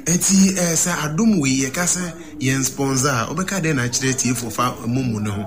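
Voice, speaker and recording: A man's voice: medium pitch, fairly quick. A male interviewer who keeps the talk going with short, encouraging affirmations and exclamations. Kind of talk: casual interview. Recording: crowd noise behind the voice.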